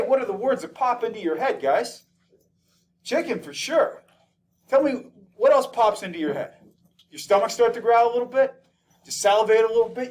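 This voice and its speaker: High-voiced man lecturing a class. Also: recorded from a distance. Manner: lively, asks the class questions. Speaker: teacher.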